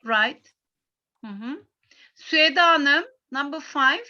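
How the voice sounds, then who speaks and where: A middle-aged woman with a Turkish accent teaching an English class, explaining patiently in halting sentences with many fillers. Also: high voice, animated, bright, forceful tone, muffled recording, slight background noise.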